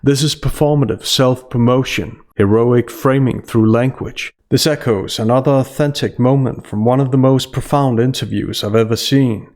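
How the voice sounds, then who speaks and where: A man's voice: medium pitch, moderate pace, few pauses, darkish tone. A man giving a scripted analytical voice-over in a dry, sarcastic manner. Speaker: commentary channel host.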